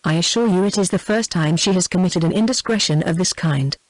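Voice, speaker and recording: A woman's voice: on the low side, fairly quick, no room sound, close to an everyday voice, rough recording. A synthetic woman reading a discreet French maid. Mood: plain.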